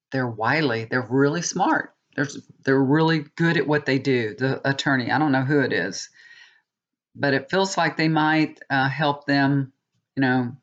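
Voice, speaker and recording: The high frequencies are cut off in this recording of a woman doing a tarot reading. Her voice is low-pitched, and she talks casually and chattily, rambling with lots of restarts and checking in with viewers by asking "okay?"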